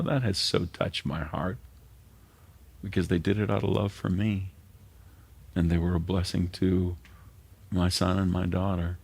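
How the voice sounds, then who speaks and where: A man's voice: low-pitched, creaky, slightly rough. A middle-aged man, a pastor preaching an earnest sermon that sometimes drops to a near whisper.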